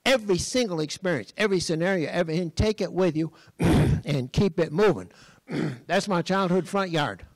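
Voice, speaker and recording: An older man from Western Massachusetts giving a lively, folksy storytelling talk on stage, often clearing his throat. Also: high-pitched, moderate pace, no room sound, low-quality recording. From Western Massachusetts, USA. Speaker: speaker at a design college talk. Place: lecture stage.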